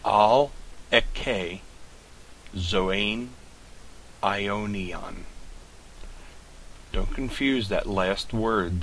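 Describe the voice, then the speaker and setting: Slow, deep-voiced male Greek tutor. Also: fairly bright tone, slight background noise, poor audio. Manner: slow, deliberate, sounding out words syllable by syllable. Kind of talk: recorded pronunciation lesson.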